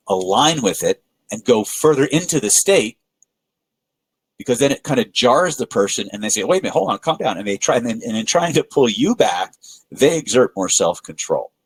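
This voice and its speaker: Animated low-voiced male webinar presenter. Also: husky, no echo, poor audio. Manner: animated storyteller acting out quoted voices, frequent filler restarts. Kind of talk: live webinar teaching with storytelling.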